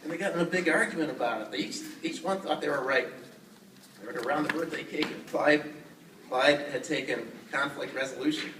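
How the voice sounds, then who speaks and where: A man's voice: on the high side, brisk, roomy sound, recorded from a distance, background noise. A man narrating a puppet show for children in a playful way, speaking to the young audience. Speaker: puppeteer storyteller. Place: outdoor fair.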